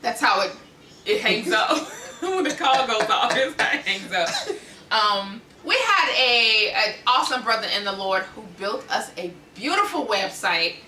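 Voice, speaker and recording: Animated woman in an echoey room. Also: medium pitch, unhurried, a little hiss or hum. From United States. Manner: animated, laughing often. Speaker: ministry host. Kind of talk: casual chat. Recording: echoey room, mic at a distance.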